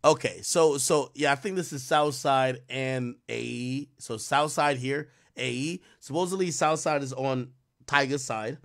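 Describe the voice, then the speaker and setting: A man's voice: mid-range voice, unhurried, a bit bright, faint music behind. A man hosting a live stream, giving casual, rambling commentary full of profanity and trash talk. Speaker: livestream host.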